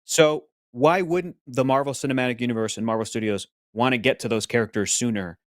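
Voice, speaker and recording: A man's voice: medium pitch, fairly quick, dry recording, studio quality. A man co-hosting a podcast, rambling in casual chat and reading out viewer comments in a jokey way. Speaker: podcast co-host reading super chats.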